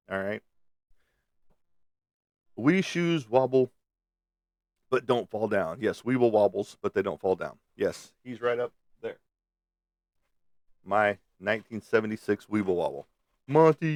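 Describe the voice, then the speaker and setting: A man's voice: on the low side, no echo, clean studio sound. A middle-aged man chatting on a live stream from a room at home, blunt and profane, rambling between topics. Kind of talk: casual live stream chat. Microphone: webcam on a live stream.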